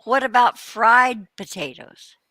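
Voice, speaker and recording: A woman co-hosting a casual interview, asking questions in a relaxed, unhurried way. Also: on the high side, dry recording. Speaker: co-host.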